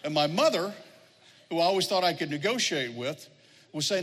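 A man's voice: on the high side, lively intonation, normal speed, a bit bright. A middle-aged man preaching a sermon as pastor, telling stories and acting out the people he quotes. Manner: storytelling, acts out quoted voices. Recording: long hall reverb.

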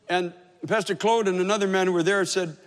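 A man's voice: high-pitched, steady tone, brisk. A man preaching a sermon as pastor, telling a story in an earnest, emphatic way. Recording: long hall reverb.

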